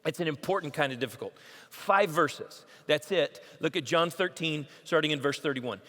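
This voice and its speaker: A man's voice: a little high, normal speed, bright, forceful tone. A pastor preaching a sermon, emphatic and repeating his key phrases. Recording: long church hall reverb.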